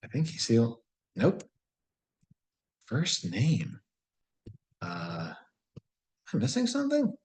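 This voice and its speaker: A man's voice: medium pitch, wildly swooping pitch, slow pace, long pauses, darkish tone, poor audio. A man solving a word puzzle and thinking aloud in a casual, musing way, often questioning himself. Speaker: puzzle solver.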